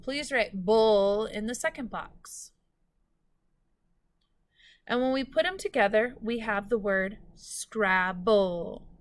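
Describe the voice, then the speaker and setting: Clear, slow-spoken woman teacher. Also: a little high. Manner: slow, clear, instructional, stretching out words. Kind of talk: recorded classroom phonics lesson.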